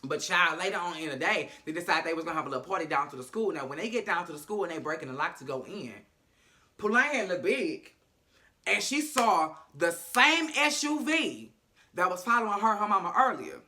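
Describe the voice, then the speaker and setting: Sassy man with a bright voice. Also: high voice, big pitch swings, brisk. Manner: sassy, profane, dramatic. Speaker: show recapper. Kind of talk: casual TV recap vlog.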